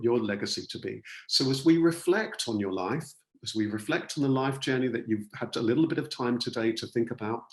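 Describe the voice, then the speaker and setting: A man's voice: mid-range voice, reverberant. Earnest man leading an online workshop. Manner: earnest, repeats key words for emphasis. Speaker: coach and speaker leading a masterclass.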